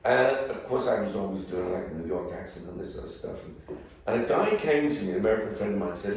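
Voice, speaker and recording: A man's voice: on the low side, expressive, fast, a little mellow, slight background noise. Older Birmingham man rambling in a roomy hall. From England. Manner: rambling, jokey, casually swearing. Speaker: guest actor. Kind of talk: anecdotal talk and Q&A. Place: event room before a live audience. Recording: roomy hall, distant mic.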